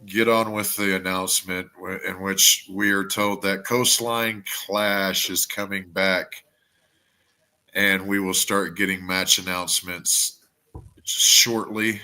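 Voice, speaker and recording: A man's voice: low voice, flat delivery, slow, sharp tone. A man co-hosting a wrestling podcast, chatting casually, stammering and swearing as he rambles. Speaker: podcast co-host.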